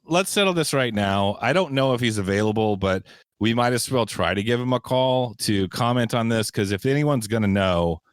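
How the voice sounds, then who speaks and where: A man's voice: medium pitch, lively intonation, moderate pace, smooth, dry recording, clean studio sound. A man co-hosting a comedy podcast, speaking in a teasing and rambling way. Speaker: podcast co-host. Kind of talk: casual comedic chat.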